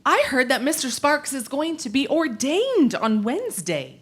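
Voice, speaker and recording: A woman's voice: high voice, big pitch swings, measured pace, pitched above the performer's own voice. A woman playing a sweet, naive young lady from the 1800s, in a told church story. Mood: eager.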